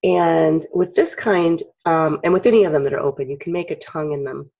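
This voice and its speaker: A woman with a frog in her throat, chatty and clearing her throat often as she teaches a casual drawing lesson. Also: deep voice, steady tone, a little fast, a little mellow. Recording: dull lo-fi recording.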